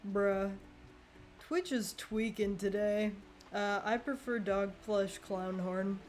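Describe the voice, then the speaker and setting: Young woman streamer chatting thru a game, slow easy talk, laughs a lot, faint music behind. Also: medium pitch, fairly even intonation. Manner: chatty, laughs often, reacts loudly to the game. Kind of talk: casual gameplay commentary.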